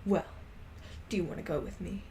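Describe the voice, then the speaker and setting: A woman voicing a cool, quiet teenage boy in a flat tone. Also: fairly low pitch, fairly quick, a little hiss or hum, close to an everyday voice. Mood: casual.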